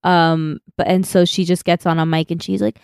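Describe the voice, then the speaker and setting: A woman co-hosting a podcast, telling stories in an animated way and swearing freely. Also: lowish voice, moderate pace, smooth, no echo, studio quality. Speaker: podcast co-host. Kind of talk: casual chat.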